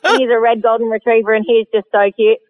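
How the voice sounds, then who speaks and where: A woman's voice: fairly high pitch, quick pace. Australian woman over a tinny phone line. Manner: animated, laughs often. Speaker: guest hunter. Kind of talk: casual storytelling.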